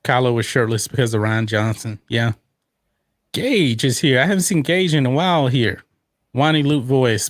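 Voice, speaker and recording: A man's voice: medium pitch, lively intonation, moderate pace, no echo, clean studio sound. A man hosting a podcast, chatting casually through a movie watch-along and reading out viewer comments. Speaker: podcast host.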